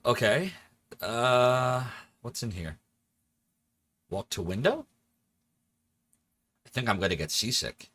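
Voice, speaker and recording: A man's voice: medium pitch, slow pace, long pauses. A man in his forties from the Philadelphia area, chatting animatedly and laughing often while streaming a game. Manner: animated, chatty, laughs often, jumps between joking voices. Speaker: livestreamer. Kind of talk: casual let's-play chat.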